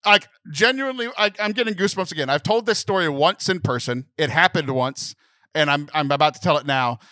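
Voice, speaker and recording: A man in his thirties hosting a casual podcast, telling a story in an animated way and laughing often. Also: on the high side, fairly quick, no echo. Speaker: podcast host. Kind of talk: casual chat.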